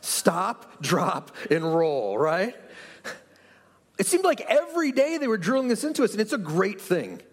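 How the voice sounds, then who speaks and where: A man's voice: sits high, sing-song, unhurried, breathy edge. A pastor giving an earnest, conversational sermon to his church, asking the room rhetorical questions. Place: church sanctuary.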